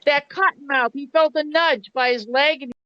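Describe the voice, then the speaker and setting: A chatty middle-aged woman with a high voice tells a story on a live stream. The audio is dry and a little dull, like a low-fi stream capture. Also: moderate pace, dry recording. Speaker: live-stream guest, former take-home chef. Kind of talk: casual group chat and joke telling.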